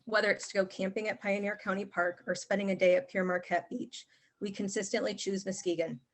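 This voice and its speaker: A woman's voice: medium pitch, flat delivery, a little fast. Earnest woman caller reading a statement. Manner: earnest, reading prepared remarks. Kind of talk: public comment at a meeting. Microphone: call-in line.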